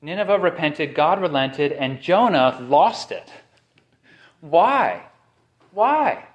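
A man's voice: on the high side, a little slow, muffled recording. A man preaching a sermon as pastor, emphatic and fond of repeating key phrases for effect.

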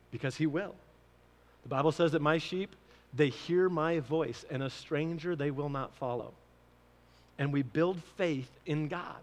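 High-voiced man preaching in a big hall. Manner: storytelling preacher, acting out his own prayers. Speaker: pastor. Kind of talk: sermon.

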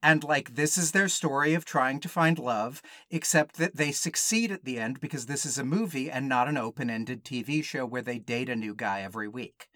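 A man co-hosting a podcast in casual chat, animated and jokey with quick asides. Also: mid-range voice, dry recording, studio quality. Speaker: podcast co-host.

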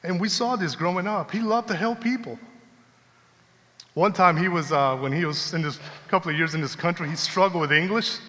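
Male pastor, bright voice, conversational storytelling sermon, long hall reverb. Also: high voice, fairly quick. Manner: conversational, animated storytelling with laughs.

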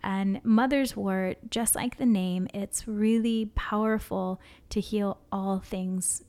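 Brief: female podcast co-host, medium pitch, fry in the voice, relaxed explanatory chat. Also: slow.

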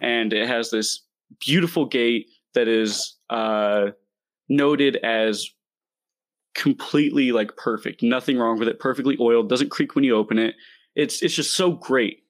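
A man's voice: mid-range voice, unhurried. Laid-back man retelling a story. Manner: rambling, laid-back, swears, laughs often. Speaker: podcast host. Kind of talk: casual storytelling recap.

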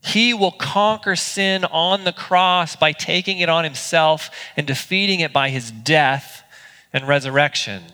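Bright-voiced man preaching in a reverberant auditorium. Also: a little high, a little slow. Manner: earnest, conversational preaching with small restarts. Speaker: pastor. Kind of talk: sermon. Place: church auditorium.

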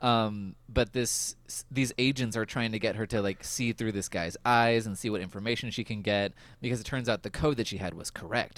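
A male podcast host chatting casually about a TV episode, laughing often and filling pauses with "um.". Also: lowish voice, fairly bright tone, no echo. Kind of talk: casual chat recapping a TV episode.

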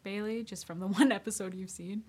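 A woman's voice: mid-range voice, fairly even intonation, brisk, darkish tone, slightly rough. Wry woman chiming in on a podcast. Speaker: podcast co-host. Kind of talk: casual chat.

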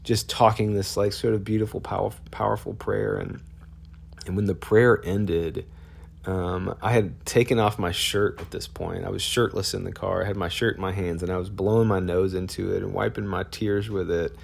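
A man telling a personal story in a casual, halting way, with many fillers and restarts. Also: low voice, steady tone, vocal fry, slightly rough.

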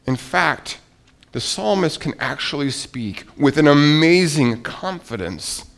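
A man preaching a sermon to a congregation, swinging between soft, hushed lines and loud, emphatic ones. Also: a little high, animated, takes it slowly, creaky. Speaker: pastor.

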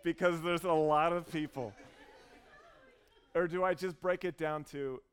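A man in his thirties preaching a sermon, earnest and warm as he tells a story, with frequent restarts. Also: fairly high pitch, fairly even intonation, measured pace, clear, resonant tone, faint music behind, some chatter behind. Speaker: pastor.

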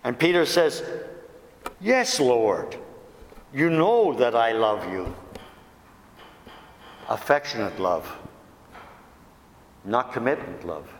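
A man's voice: mid-range voice, lively intonation, slow pace, pauses often, echoey room, in a large hall, slight background noise. A man preaching a sermon as a deacon, reading scripture aloud with quoted dialogue.

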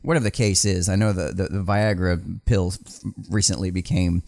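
A man's voice: deep voice, fairly even intonation, brisk, darkish tone, no room sound, studio quality. A man co-hosting a podcast from a small building, rambling casually with restarts and swearing. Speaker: podcast co-host. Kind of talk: casual chat.

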